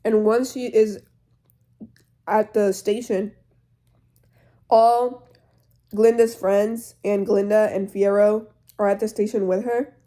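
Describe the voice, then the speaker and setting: A woman's voice: medium pitch, flat delivery, slow, pauses often, mellow. A teenage girl retelling a story in a rambling, chatty way full of fillers. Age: teens. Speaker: vlogger.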